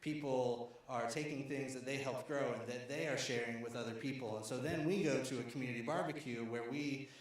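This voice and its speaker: A man from Arkansas gives a conversational storytelling talk in a large lecture hall, his medium-pitched voice brisk with few pauses. He uses fillers and restarts, and the recording is very echoey.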